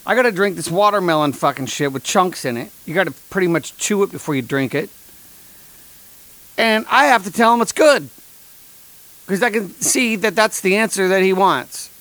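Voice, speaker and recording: A man hosting a comedy podcast, delivering sarcastic, deadpan rants and mock sponsor ads. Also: high voice, normal speed, dry recording. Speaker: podcast host. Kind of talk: comedic monologue.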